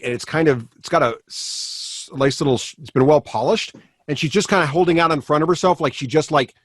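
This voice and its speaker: A man's voice: a little high, slightly rough, no echo. A man running a tabletop game as game master, rambling with many fillers and restarts.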